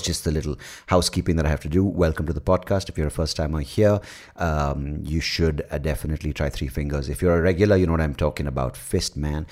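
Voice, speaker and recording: A man's voice: very deep voice, darkish tone. A man with an Indian accent hosting a podcast, rambling, crude, and self-mocking in a comic monologue. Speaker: podcast host.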